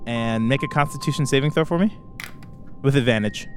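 A man's voice: mid-range voice, fairly quick, over music. A man narrating a tabletop game as game master, hesitant and full of fillers.

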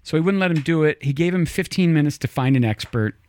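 A man co-hosting a casual political chat show, telling stories with animated asides and putting on voices when he quotes people. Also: fairly high pitch, fast talker. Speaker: podcast co-host.

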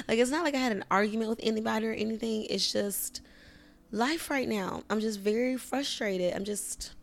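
Emotional woman podcaster with a gravelly voice. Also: on the high side, moderate pace. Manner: emotional, frustrated and near tears, sighing and cursing; slang-heavy, addresses listeners as "you guys" and "y'all". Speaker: podcast host. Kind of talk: casual solo podcast chat.

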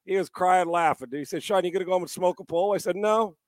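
A middle-aged man hosting a sports talk show, loud and joking, telling stories with put-on voices. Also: sits high, quick pace, no echo. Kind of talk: casual podcast banter.

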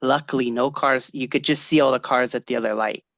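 A man telling family stories in casual chat, animated and quick to laugh, acting out the voices of the people in them. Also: medium pitch, no room sound, highs cut off. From California. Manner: animated storyteller, laughs often, acts out voices.

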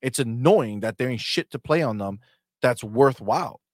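A man's voice: mid-range voice, animated, normal speed, no echo, studio quality. A man co-hosting a gaming talk stream, hyped and profane, thanking chatters and reading their messages. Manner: hype, profane, reads out chat. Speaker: co-host.

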